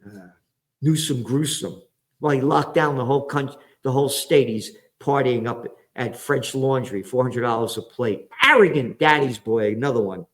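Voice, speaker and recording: A man's voice: medium pitch, moderate pace. Profane, sarcastic New man ranting. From the Bronx, New York. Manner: profane, sarcastic, heated, jumps between topics. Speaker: commentator and host. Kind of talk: ranting political commentary.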